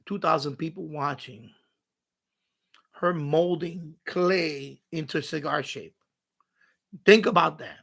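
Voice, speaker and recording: A man's voice: a little high, slow, creaky, pauses often, a bit bright. A man hosting a home live stream from his radio room, rambling and ranting with profanity and mocking asides.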